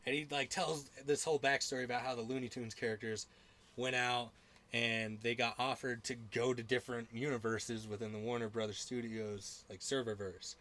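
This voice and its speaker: Bright-voiced young man chatting casually. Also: mid-range voice, little pitch movement, moderate pace. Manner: rambling and profane, lots of filler words and laughter. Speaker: podcast host. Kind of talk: casual chat.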